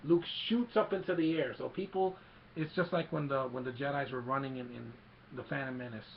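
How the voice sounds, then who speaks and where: A young man casually retelling a film as a fan, excited and rambling, with many fillers and restarts, on a muffled recording with a faint hum. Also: mid-range voice, a little fast, creaky.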